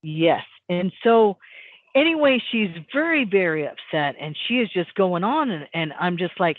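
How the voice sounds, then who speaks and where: A woman who works as a hypnotist, telling a story on a call in a rambling, animated way with lots of fillers. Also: fairly low pitch, normal speed, no room sound. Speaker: guest, hypnotist. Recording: tinny phone line, dry.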